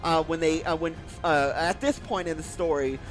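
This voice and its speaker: A man's voice: a little high, steady tone, moderate pace, soft background music. A man giving a casual spoiler review of a film, effusive and gushing, repeating how much he loves each scene and acting out quoted lines. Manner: acts out quoted movie lines. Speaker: YouTube movie reviewer.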